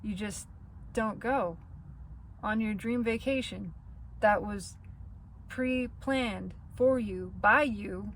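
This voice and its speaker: A woman giving an earnest spiritual tarot reading, talking straight to the listener and laughing softly through the painful parts. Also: medium pitch, takes it slowly, long pauses, a little hiss or hum. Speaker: tarot reader.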